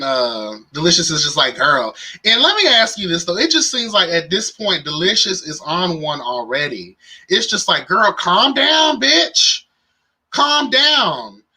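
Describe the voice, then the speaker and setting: A man's voice: fairly high pitch, moderate pace, poor audio. A young man hosting a live reality show recap in casual, campy commentary, with sass, slang. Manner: sassy, campy, animated with slang and exclamations.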